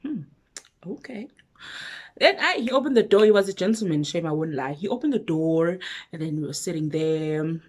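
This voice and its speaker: A young South African woman vlogger telling a personal story in a casual, animated way, acting out both sides of a conversation. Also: on the low side, normal speed.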